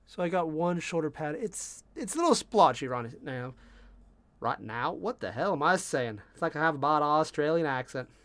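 A man with a slightly high voice chats casually while painting miniatures, muttering about small mistakes and laughing at himself. The sound is dry and close, with no room echo. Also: brisk, hardly any pauses. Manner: relaxed, self-deprecating, talks to himself while painting. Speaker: miniature painting channel host.

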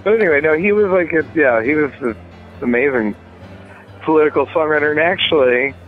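Over a tinny phone line, a man with a slightly high voice talks briskly about his music as an interview guest. He rambles casually, full of fillers and restarts.

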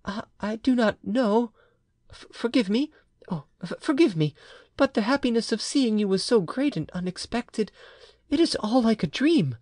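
Timid young wife, stammering, voice lifted high, male audiobook reader voicing her. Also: expressive, moderate pace, a little mellow, no room sound, studio quality. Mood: fearful pleading. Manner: trembling, faltering with stammers. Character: anxious young peasant wife, fearful and pleading.

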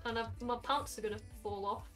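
A woman's voice: on the high side, fairly quick, faint music behind. A young Welsh woman chatting casually with her viewers while playing a game on stream, rambling from one thought to the next. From Wales. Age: young adult. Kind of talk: casual gaming stream chat.

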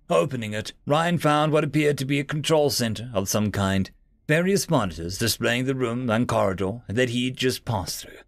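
Male narrator for sci-fi story readings, gravelly, animated, dry close sound. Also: medium pitch, no echo. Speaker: story narrator, channel host.

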